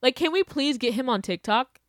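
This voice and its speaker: In a high-pitched, expressive voice at normal speed, this young podcast host rants about her opinions in a casual, sarcastic way. She laughs often and bursts into exaggerated outbursts, and the studio-quality sound has no room sound.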